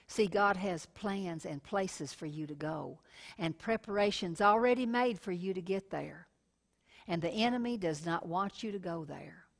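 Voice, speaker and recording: A woman's voice: fairly low pitch, unhurried, creaky. Folksy woman TV preacher. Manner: folksy and warm, calls listeners honey, tells personal stories. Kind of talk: sermon.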